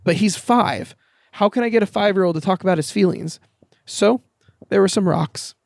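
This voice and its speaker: A man chatting as a podcast guest outdoors, telling lively stories, acting out quoted lines and swearing casually. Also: high voice, moderate pace, creaky, no echo. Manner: animated storyteller, acts out quoted voices, swears casually. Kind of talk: casual chat. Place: outdoor backyard.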